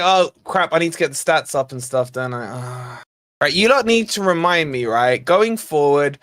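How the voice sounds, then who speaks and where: A man hosts a football watch-along stream, chatting casually with viewers, joking and swearing a little as he comments. His voice is on the high side and a bit bright, captured as a dry, clean studio recording.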